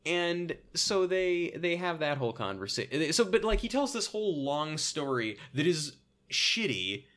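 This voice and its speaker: Guy on a podcast ranting about a bad movie, voice jumps all over, lively. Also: on the high side, measured pace. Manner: animated, retells scenes and mocks dialogue. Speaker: podcast co-host reviewing a movie. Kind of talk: casual chat.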